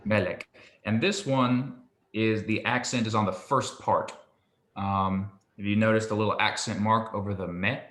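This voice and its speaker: A man patiently tutoring a student in Hebrew pronunciation, relaxed and a little hesitant, with many ums. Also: on the low side, normal speed. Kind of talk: patient one-on-one language lesson. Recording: echoey room with faint ambience.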